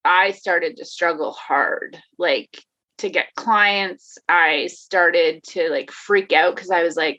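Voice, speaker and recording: A woman's voice: lowish voice, takes it slowly, pushed and bright. A woman talking candidly in a casual conversation, laughing often, swearing and restarting her sentences. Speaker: guest, life coach. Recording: dull lo-fi sound.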